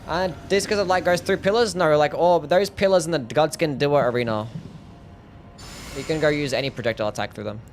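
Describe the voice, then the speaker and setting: A man's voice: on the high side, fairly quick, a little hiss or hum. A man streaming live gameplay, ranting and swearing as he plays. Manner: frustrated, ranting, swears often.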